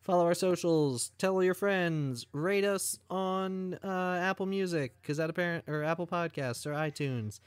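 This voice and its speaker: A man's voice: high voice, a little slow, hardly any pauses, smooth. A man co-hosting a podcast in casual chat, talking in a tired, rambling way with lots of fillers. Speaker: podcast co-host.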